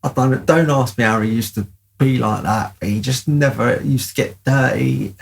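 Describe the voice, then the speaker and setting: Male storyteller, gravelly, loose and rambling, middle pitch. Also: moderate pace. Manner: rambling, full of "like" fillers. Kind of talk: casual storytelling.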